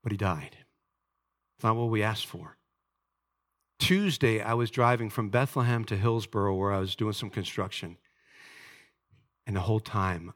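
A man's voice: on the low side, normal speed, pauses often, fairly bright tone. A pastor giving an earnest, emotional sermon and speaking directly to his congregation.

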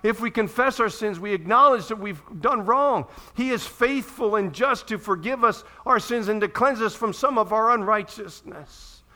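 Male pastor, high bright tone, animated sermon delivery, plays out the voices in his stories. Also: moderate pace, hardly any pauses. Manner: animated, acts out pleading voices.

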